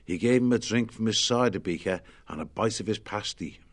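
A man narrating a children's storybook in a lively, expressive way. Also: fairly low pitch, brisk.

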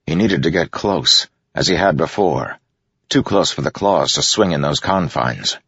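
Low husky guy reading a fantasy audiobook, tense and dramatic, dry dull sound. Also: expressive, unhurried, fairly bright tone, dry recording. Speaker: audiobook narrator. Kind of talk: scripted fantasy narration.

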